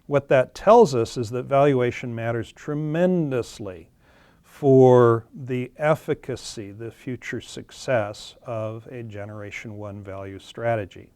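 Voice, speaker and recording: This webinar presenter, a man, explains charts plainly, with the odd filler and self-correction. He talks at a measured pace in a medium-pitched voice that is warm, clear and resonant, recorded with no room sound.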